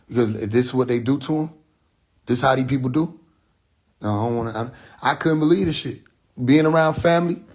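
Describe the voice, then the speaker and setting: A man's voice: mid-range voice, darkish tone. A man ranting in a vlog, agitated and profane, repeating his points. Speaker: rapper and online commentator. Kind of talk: emotional vlog rant.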